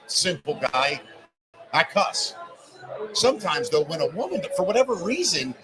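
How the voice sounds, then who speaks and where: A middle-aged man with a high voice tells stories in a loose, cussing, animated way, slipping into the voices of the people he quotes. He is broadcasting live from a bar, and a loud crowd chatters all around him. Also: normal speed, low-quality recording. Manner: animated storyteller who cusses freely and acts out quotes. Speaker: podcast host. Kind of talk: casual chat.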